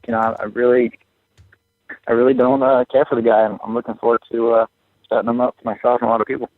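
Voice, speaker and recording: A man's voice: medium pitch, flat delivery, quick pace, no room sound. A young man on a media conference call, hesitant and full of fillers. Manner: hesitant, many fillers and restarts. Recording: dry tinny phone line.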